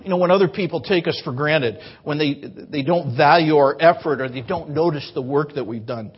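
A man's voice: on the high side, fairly quick, husky, muffled recording. A man preaching a sermon to his congregation in a church, in an earnest, conversational way, sometimes stumbling over his words. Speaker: pastor. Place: church sanctuary.

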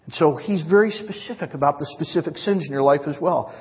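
A man's voice: a little high, quick pace, slightly rough. A male pastor preaching a sermon in a large church hall, earnest and conversational, often acting out quoted lines. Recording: reverberant, dull lo-fi hall recording.

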